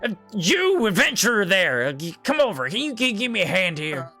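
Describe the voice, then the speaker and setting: A man voicing a boisterous disguised man who hams up a fake accent, loud and theatrical. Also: high voice, wildly swooping pitch, a little fast, faint music behind, voice pushed up, full character voice. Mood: blustering. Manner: loud, theatrical, over-the-top.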